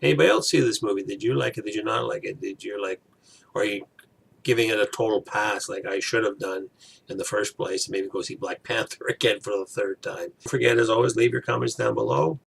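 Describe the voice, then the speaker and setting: A man's voice: on the low side, a little fast, gravelly, fairly bright tone, a little hiss or hum. A man giving a casual, rambling spoken movie review, talking to viewers with lots of fillers and restarts.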